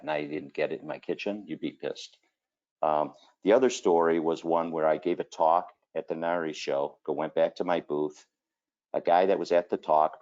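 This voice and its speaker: Super deep voiced guy telling stories casually, okay and you know a lot, dull webinar audio. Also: darkish tone. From Cleveland area, Ohio. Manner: storytelling, folksy, repeats 'okay' and 'you know'. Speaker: kitchen designer. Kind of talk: screen-share presentation.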